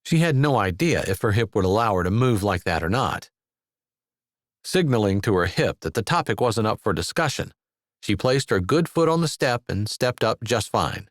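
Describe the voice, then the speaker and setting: Male audiobook narrator, animated pitch, dead-dry studio sound. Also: normal speed, dry recording. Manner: expressive, lively reading. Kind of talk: scripted narration.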